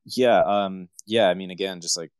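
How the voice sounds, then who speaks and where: A man's voice: sits low, fairly even intonation, normal speed, clean tone, dry recording. A man co-hosting a live audio call, speaking in a hesitant, laid-back way full of fillers. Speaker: co-host.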